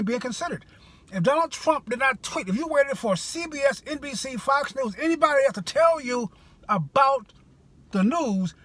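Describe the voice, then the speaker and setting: A man's voice: sits high, fairly bright tone, slightly rough, dry recording. A man giving a rousing, preachy political monologue straight to his viewers, full of rhetorical questions. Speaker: political commentator. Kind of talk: direct-to-camera political monologue.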